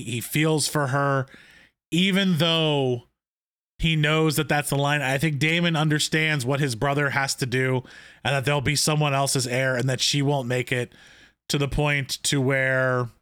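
Chatty, higher-voiced man recapping a show. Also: fairly bright tone, clear, resonant tone, dry recording, studio quality. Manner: enthusiastic, retells scenes with quoted lines, many fillers. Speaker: podcast co-host. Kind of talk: casual TV recap chat.

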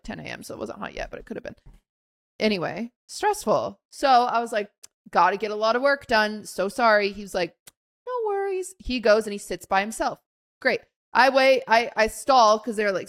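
A woman's voice: mid-range voice, gravelly, a bit bright. A young woman co-hosting a podcast, telling a story in a casual chat and acting out quotes with lots of fillers. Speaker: podcast co-host.

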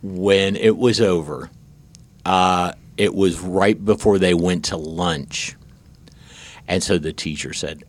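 Podcast host, male, lilt, lowish voice, halting and chatty storyteller. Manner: halting, many restarts and repeated words. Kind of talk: casual storytelling chat.

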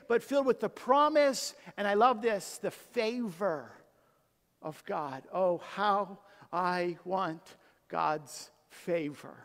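A man's voice: sits high, creaky. Emphatic preaching man in a reverberant hall. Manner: emphatic preaching, swinging from loud to hushed. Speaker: pastor. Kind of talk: sermon.

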